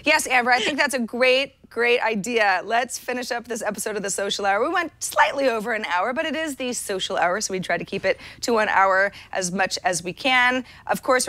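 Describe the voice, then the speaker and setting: A woman's voice: on the high side, fairly bright tone, no room sound. A woman co-hosting a tech talk show in casual chat, self-deprecating and chatty, often restarting her sentences. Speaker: podcast co-host.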